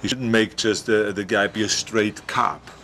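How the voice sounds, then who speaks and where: Low-voiced man, halting in an interview. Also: fairly even intonation, a bit bright, a little hiss or hum. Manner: halting, with frequent restarts and fillers. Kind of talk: casual documentary interview.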